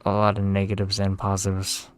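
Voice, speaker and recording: A man giving casual, relaxed commentary while playing a game, tired and talking to himself with some swearing. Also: low voice, brisk, smooth, faint music behind. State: tired, yawning. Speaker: gaming video creator.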